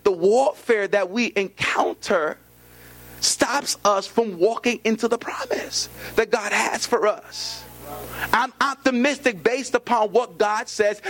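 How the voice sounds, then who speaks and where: A man's voice: sits high, fairly bright tone. A male pastor preaching a sermon in an emphatic, repetitive call-and-response style, with features.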